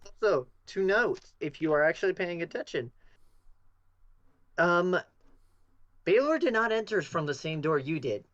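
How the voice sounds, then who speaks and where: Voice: medium pitch, expressive, unhurried, pauses often, a bit bright, dry recording. A game master narrating a tabletop game in a playful way. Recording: dull, dry home mic.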